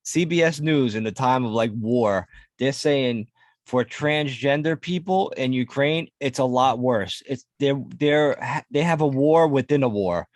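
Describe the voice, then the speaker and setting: Mocking, profane podcast co-host, dry sound. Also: male voice, medium pitch, measured pace, no room sound. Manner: profane, mocking, laughs through his stories. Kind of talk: casual chat.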